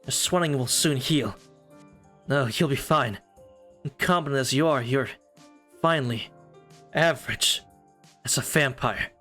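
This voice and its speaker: A man streamer reading aloud as a hot-headed, stubborn young man, delivering blunt lines in loud, rising outbursts. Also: medium pitch, measured pace, long pauses, soft background music. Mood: teasing. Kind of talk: reading a game's story mode aloud.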